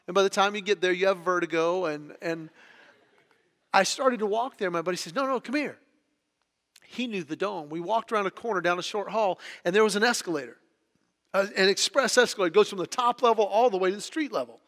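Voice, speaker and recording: Male storyteller, high and bright, animated, acts out quotes; roomy hall sound. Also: brisk. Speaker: speaker telling stories. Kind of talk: storytelling talk to an audience.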